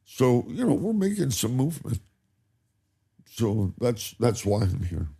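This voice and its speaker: A man's voice: medium pitch, very animated, a little slow, creaky, warm tone, breathy edge. An older man, a guest in a casual chat, telling stories animatedly and laughing often. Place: cannabis company campus studio.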